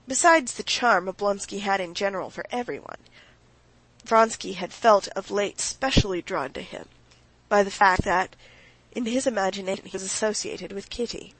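A woman narrating an audiobook of a classic novel in a measured, even way. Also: medium pitch, low-quality recording. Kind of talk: scripted narration.

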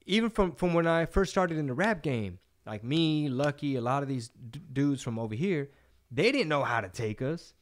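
A man hosting a casual podcast, talking in an animated, profane, slang-heavy way. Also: on the high side, moderate pace. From Texas. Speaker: podcast host.

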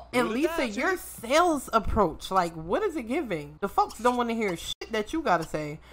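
Female gaming streamer, casual commentary, crisp bright tone, playful and profane, soft game music underneath. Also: a little high, unhurried. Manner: animated, joking, swears freely, scolds game characters. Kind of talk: casual let's-play commentary.

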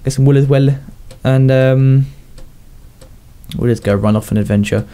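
Here a young gaming YouTuber from the south of England gives loose, rambling Minecraft commentary at a moderate pace. His warm, mellow voice has an ordinary pitch and fairly even intonation, and he often laughs at his own asides while chatting to himself.

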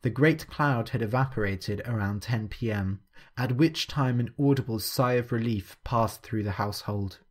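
Guy reading a story out slow and clear for english learners. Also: medium pitch. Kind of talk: scripted narration.

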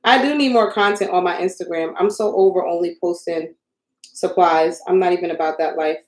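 A woman's voice: lowish voice, brisk. A young woman hosting a casual live stream, flustered and joking at her own expense as she crafts and talks to viewers in her home craft room. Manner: joking, self-mocking. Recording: roomy echo.

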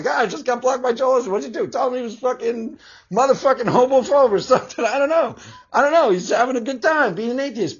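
High-voiced, husky man ranting with profanity. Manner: swears heavily, laughs often, mocking. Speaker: vlogger. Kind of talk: profane opinion rant. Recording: dull lo-fi recording.

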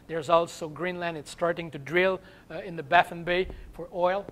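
A man with a French accent, French as his first language, giving an academic seminar lecture and pausing often to search for English words. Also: on the high side, level tone, a bit bright. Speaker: guest seminar speaker.

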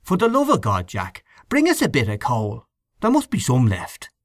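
A man's voice: mid-range voice, huge pitch swings, normal speed, dry recording, clean studio sound. A man voicing a grumbling, gossipy middle-aged canvasser in a storybook reading, scornful and snuffling, with a conspiratorial manner.

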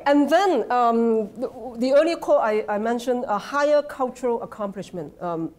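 A woman with a Hong Kong accent giving an academic lecture, halting with many fillers and restarts, often checking with the audience. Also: fairly high pitch, expressive, darkish tone. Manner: conversational, asks the audience "right?". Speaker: guest lecturer. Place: lecture hall.

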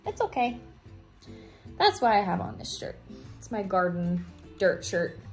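A woman's voice: mid-range voice, sing-song, a little slow. A woman talking casually and enthusiastically in a home how-to vlog, with plenty of fillers. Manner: chatty, enthusiastic, lots of fillers. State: breathing heavily. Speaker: vlogger. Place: home office room. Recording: echoey room, faint music.

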